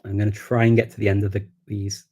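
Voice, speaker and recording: A man's voice: fairly low pitch, level tone, fast, a little mellow. A man with a Scouse accent from Liverpool, rambling casually through a live-stream Q&A and reading viewer questions aloud. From Liverpool, England. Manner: chatty and rambling, with many fillers and restarts. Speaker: language-learning streamer answering viewer comments.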